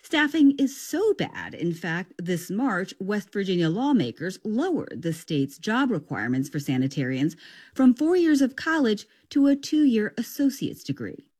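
A woman reporter delivering a scripted radio news story in a measured broadcast manner. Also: mid-range voice, big pitch swings, darkish tone.

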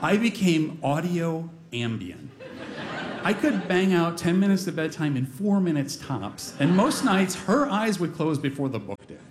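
A man's voice: high voice, sing-song, normal speed, few pauses, background noise. A middle-aged man telling a personal story on stage before a live audience, wry and self-deprecating with comic timing.

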